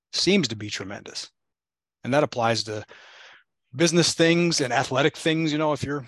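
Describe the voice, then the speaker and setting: A man's voice: medium pitch, a bit bright, no echo. A man hosting a casual interview, rambling thoughtfully and laughing easily between his points. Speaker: podcast host.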